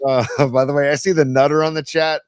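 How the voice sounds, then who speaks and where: A man's voice: on the high side, flat delivery, fast, no echo, studio quality. A man co-hosting a podcast in casual sports chat, loose and chatty, reading listener song picks. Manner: loose and chatty, calls everyone dude. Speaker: podcast co-host.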